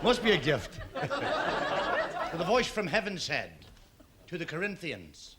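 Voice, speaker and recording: A man telling jokes on stage in a stand-up act, with a deadpan patter and comic voices. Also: high-pitched, unhurried. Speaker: stand-up comedian. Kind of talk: stand-up joke telling to a live audience. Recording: noisy 1970s TV stage recording with audience. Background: studio audience laughter.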